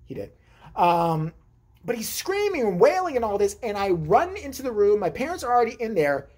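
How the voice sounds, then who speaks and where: A man vlogger telling a comedic personal story in an animated, profane, rambling way. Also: very high voice, fairly quick.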